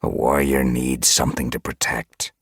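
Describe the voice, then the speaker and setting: A man voicing a blunt, disillusioned male warrior cat in a storybook reading, speaking flatly in his own low register. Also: moderate pace, breathy edge, no echo, studio quality.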